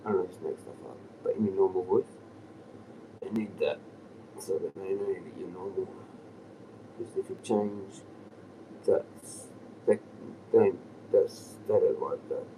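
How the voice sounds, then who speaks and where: Speaking slightly slowly with long pauses, a man with a low-pitched voice rambles through a casual outdoor live stream. He chuckles easily and often drops to a whisper, and the distant microphone clearly picks up sounds from outside.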